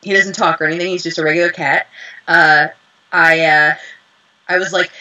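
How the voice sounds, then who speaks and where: Bright-voiced animated woman. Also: lowish voice, moderate pace, highs cut off. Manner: animated storyteller, acts out quotes. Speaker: voice actress guest. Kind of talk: casual interview chat.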